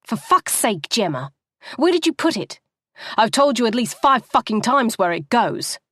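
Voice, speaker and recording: A woman's voice: lowish voice, lively intonation, moderate pace, no echo, clean studio sound. A woman reading the part of a controlling young male lawyer with an explosive temper, curt and swearing. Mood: furious. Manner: curt, then yelling and swearing, then dismissive.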